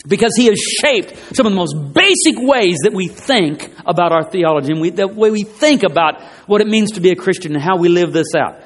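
A man's voice: high-pitched, animated, a little fast, hardly any pauses. A man preaching a sermon in an emphatic way, repeating his phrases for stress, in a church. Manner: emphatic, repeats phrases, rising and falling delivery. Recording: long hall reverb.

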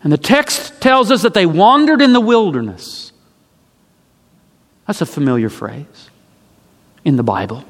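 Slow, high-voiced dramatic preacher. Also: male voice, sing-song, big-room sound. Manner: dramatic storytelling with emphatic repetition. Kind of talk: sermon.

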